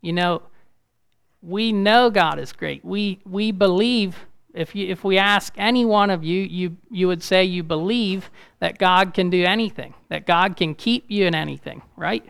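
A man delivers an informal sermon at an unhurried pace, often stopping to restart his sentences. His voice is a little high and has a gravelly edge, yet the words come through smooth and clear. Now and then he builds to a loud, urgent push. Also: no room sound. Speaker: preacher.

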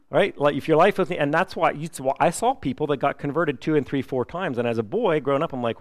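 A middle-aged man preaching a sermon, lively and emphatic, now and then acting out the people he quotes. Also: fairly high pitch, fast, hardly any pauses, dry recording. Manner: animated preaching, acts out quoted voices. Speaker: pastor.

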